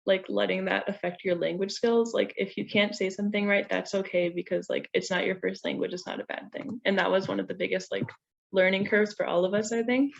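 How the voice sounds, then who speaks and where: Gravelly young woman on a muffled call. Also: medium pitch, steady tone, a little fast. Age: young adult. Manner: casual, heavy use of "like" and "um". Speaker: student panelist. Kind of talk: casual panel chat. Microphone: video call.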